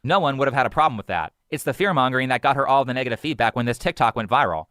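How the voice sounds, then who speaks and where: A man's voice: medium pitch, expressive, rapid-fire, fairly bright tone, dry recording, clean studio sound. A man narrating a commentary video in an argumentative, skeptical, lecturing way.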